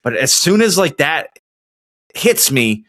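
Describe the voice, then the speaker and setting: A man's voice: on the high side, sing-song, slow pace, fairly bright tone. A man hosting a podcast, telling stories casually and rambling with many restarts. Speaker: podcast host. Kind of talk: casual storytelling.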